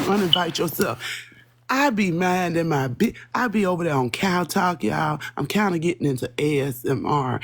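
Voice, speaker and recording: A woman with a low, slightly rough voice hosts a live stream, talking straight to her chat. She's casual and profane, rambling from one thing to the next.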